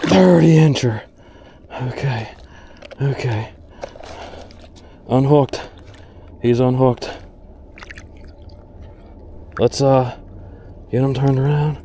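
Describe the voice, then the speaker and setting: This fishing vlogger speaks extremely slowly with frequent pauses, his mid-range voice steady and dark-toned, with a little hiss or hum in the audio. Filming himself from a boat outdoors, he talks excitedly to the camera, exclaiming and repeating things.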